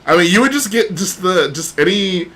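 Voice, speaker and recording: Bright-voiced young man, teasing. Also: high voice, expressive, normal speed. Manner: laid-back, teasing. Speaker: streamer. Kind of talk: casual chat.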